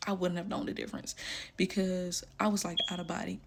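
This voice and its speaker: A woman's voice: lowish voice, level tone, a little fast, gravelly, background noise. A woman telling a personal story candidly, blunt and emotional, with casual slang.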